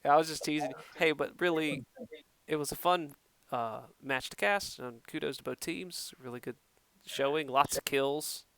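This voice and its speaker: A man's voice: on the high side, normal speed, gravelly, fairly bright tone, clear, resonant tone. A man casting a match, chatting and teasing players with frequent laughs. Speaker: match caster. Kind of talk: casual post-match chat.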